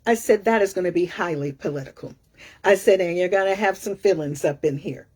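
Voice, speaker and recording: A middle-aged woman coach telling a story in a casual, animated, sassy way. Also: on the low side, fairly quick, husky. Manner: animated, sassy, acts out other people's lines. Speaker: career coach.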